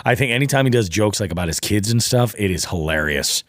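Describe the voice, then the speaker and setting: A man hosting a podcast in casual chat, enthusiastic and quick to laugh. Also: on the low side, lively intonation, fairly bright tone, dry recording, clean studio sound. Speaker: podcast host. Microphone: studio dynamic mic.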